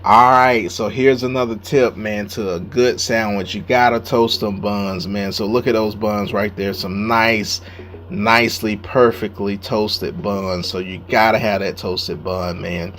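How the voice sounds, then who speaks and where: A man's voice: on the low side, fairly even intonation, unhurried, fairly bright tone, a little hiss or hum. Laid-back man saying "man" a lot. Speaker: home cook. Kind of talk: casual cooking video narration. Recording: music playing underneath.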